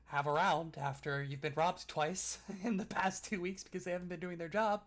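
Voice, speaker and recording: A man's voice: high voice, fairly even intonation, normal speed, a bit bright, pitched above the performer's own voice. A man voicing a nervous, sweaty, balding older shopkeeper who stammers and apologizes over and over. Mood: jittery.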